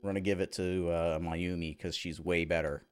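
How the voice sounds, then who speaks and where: A man's voice: deep voice, level tone, moderate pace, a little mellow, smooth. Laid-back man rambling over gameplay. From Southern California. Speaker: streamer. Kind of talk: casual gameplay commentary.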